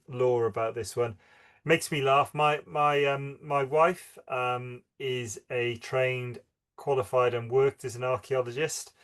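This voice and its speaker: A man's voice: mid-range voice, a bit bright. Chatty man, laughing at film scenes. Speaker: podcast co-host. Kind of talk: casual film chat.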